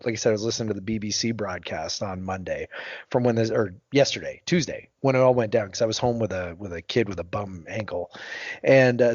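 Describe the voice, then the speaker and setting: A man of middle pitch bantering as a podcast co-host, quick to joke and chuckle. His voice sounds dry and close, slightly dull in tone. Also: a little mellow, no room sound. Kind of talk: casual chat.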